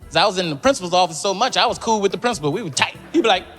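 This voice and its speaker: A man tells comic stories in a high, fast voice. His pitch swoops up and down as he jumps into squeaky voices for the people he quotes. Music plays under him. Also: lively intonation, fairly bright tone, in a large hall. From Georgia, US. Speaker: comedian. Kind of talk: stand-up and interview storytelling.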